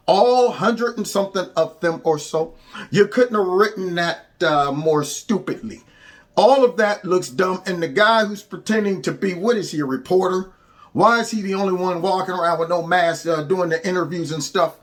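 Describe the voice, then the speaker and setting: A man's voice: high voice, normal speed. A man hosting a commentary show, talking in a sarcastic, rambling way with many fillers.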